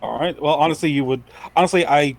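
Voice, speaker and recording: Halting male podcast co-host. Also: on the high side, creaky. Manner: halting, many restarts. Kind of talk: casual chat.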